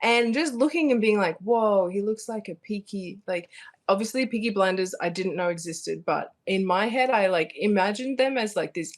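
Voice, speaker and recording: Casting note: young Australian woman, chatty fighter guest, animated and meandering, mid-pitched voice. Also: normal speed. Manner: animated, rambling, many fillers and restarts. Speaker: guest, bare-knuckle fighter. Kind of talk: casual interview chat.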